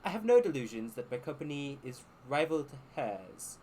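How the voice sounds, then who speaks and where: A man reading a letter aloud in a put-on posh voice, as a genteel gentleman writing to a friend. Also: medium pitch, very animated, moderate pace, a little hiss or hum, close to an everyday voice, poor audio. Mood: formal.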